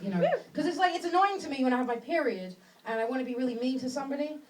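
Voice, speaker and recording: A woman from England performing a stand-up comedy set in a small club, speaking in a dry, halting way with lots of fillers and restarts. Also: high-pitched, expressive. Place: small club with a live audience. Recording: distant mic, loud crowd laughter. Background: audience laughing.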